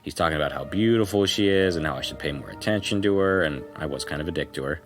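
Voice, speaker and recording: Very deep-voiced man reading a ghost story. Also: quick pace, faint music behind. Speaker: podcast co-host. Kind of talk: reading a first-person ghost story aloud.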